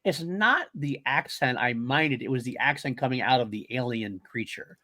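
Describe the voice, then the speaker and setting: A man co-hosting a podcast, talking casually in a rambling, animated way and often correcting himself mid-sentence. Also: mid-range voice, moderate pace. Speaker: podcast co-host.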